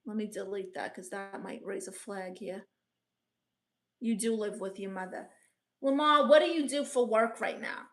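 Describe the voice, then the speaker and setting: A woman's voice: medium pitch, moderate pace. A woman comedian hosting a casual live stream as a brash aunt, reading viewer comments and giving blunt, teasing advice. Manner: blunt, teasing, playfully sassy.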